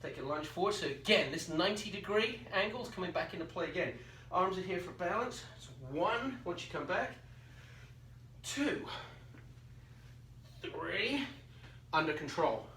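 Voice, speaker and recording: A man's voice: sits high, animated, moderate pace, sharp tone. A man teaching phys ed, demonstrating exercises and counting reps aloud while out of breath. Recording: roomy echo, distant mic, faint background noise.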